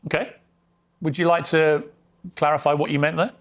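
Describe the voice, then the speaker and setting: A man's voice: fairly high pitch, level tone, moderate pace. A man hosting a TV interview, asking pointed, pressing follow-up questions. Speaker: TV interviewer host.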